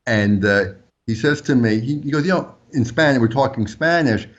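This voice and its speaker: A man whose first language is French, a former undercover agent telling lively anecdotes as an interview guest. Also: moderate pace, muffled recording. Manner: animated anecdotes, pitch jumps up when quoting. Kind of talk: storytelling interview answers.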